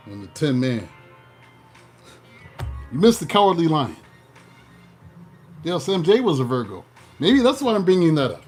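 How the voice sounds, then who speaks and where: A man giving a casual tarot reading, playful and animated, breaking into joking mock voices. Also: on the high side. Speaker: tarot reader.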